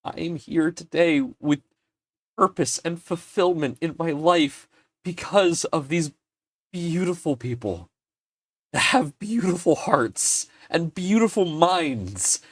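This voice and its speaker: A man's voice: fairly high pitch, expressive, takes it slowly, no room sound, clean studio sound. A man hosting a livestream, telling an emotional story in a casual way, swearing now and then and getting choked up. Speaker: livestream host.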